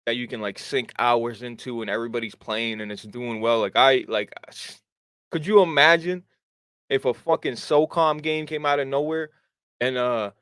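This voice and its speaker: A man's voice: mid-range voice, normal speed, a bit bright, smooth, no echo. Grumbling, profane man on a dry mic. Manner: grumbling, profane, self-described hater. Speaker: podcast host. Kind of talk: casual gaming podcast chat.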